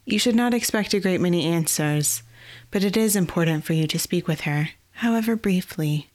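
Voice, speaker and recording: A woman voicing a calm, wise woman druid in measured speech. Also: lowish voice, close to an everyday voice.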